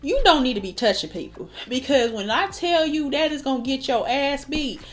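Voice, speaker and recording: A woman's voice: sits high, normal speed. A young woman telling a wild storytime while doing her makeup, swearing and laughing as she goes. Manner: animated, swearing, laughing often. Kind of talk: casual storytime chat.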